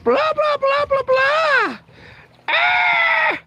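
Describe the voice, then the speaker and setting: A man mimicking his nagging wife, scolding him in a shrill ranting voice. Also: animated, normal speed, heavy background noise. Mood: mocking shriek.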